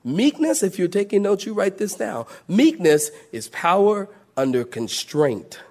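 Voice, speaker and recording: A middle-aged male pastor delivers a sermon in a fairly high voice. He tells stories with a lot of motion, sinking to a soft, low murmur before climbing back up to loud, raised lines. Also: very animated, unhurried.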